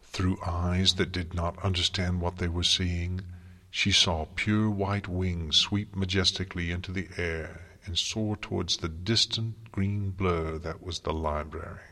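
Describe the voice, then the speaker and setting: A man reading a story aloud in a slow, measured narration style. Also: low voice, fairly even intonation, bright, forceful tone. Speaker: audiobook narrator. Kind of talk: scripted fan fiction narration. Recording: long hall reverb.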